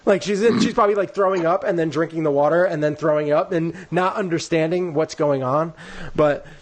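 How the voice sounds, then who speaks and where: A man's voice: on the high side, a little fast. Chatty man co-hosting a sports podcast. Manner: rambling, full of "like" and "you know"; acts out quoted people in lively voices. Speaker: podcast co-host. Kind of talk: casual storytelling chat.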